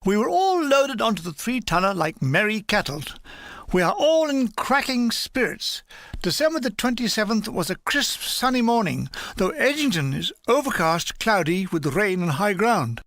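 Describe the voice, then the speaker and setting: A woman's voice: medium pitch, big pitch swings, moderate pace, a bit bright, no room sound. An older woman reading a comic war memoir aloud, with dry comic timing. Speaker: reader.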